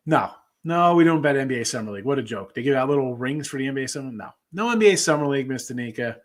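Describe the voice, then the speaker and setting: A man's voice: mid-range voice, animated, fast. A man hosting a sports betting show, chatting loosely with viewers and jumping between topics. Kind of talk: casual livestream chat reading viewer comments.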